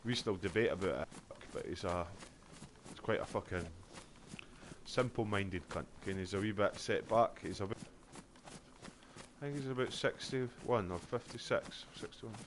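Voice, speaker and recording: A man's voice: on the low side, moderate pace, a little hiss or hum. A Scottish man streaming a game, chatting casually in a rambling, sweary way full of fillers. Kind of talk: casual chat while gaming.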